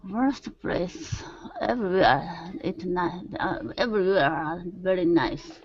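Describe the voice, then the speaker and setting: A woman's voice: fairly low pitch, takes it slowly, noisy background. A woman student in an online English class, speaking hesitantly and searching for words. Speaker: language student. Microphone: video call. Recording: dull lo-fi video call audio.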